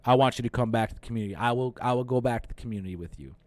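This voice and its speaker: A man hosts a casual movie review, retelling scenes with plenty of swearing and quick acted-out quotes. His voice sits at a middle pitch, and the recording is dry, with no room sound. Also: no echo. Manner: animated, profane, acts out quotes. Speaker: host.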